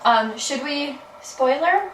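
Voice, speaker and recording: A woman co-hosts a casual movie review, talking in a relaxed way and often restarting her sentences. Her voice is fairly high. She sounds distant and echoey, with a faint hum behind her. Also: slow. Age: 20s or 30s. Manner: relaxed, hesitant restarts, laughs. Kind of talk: casual chat. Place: in a car.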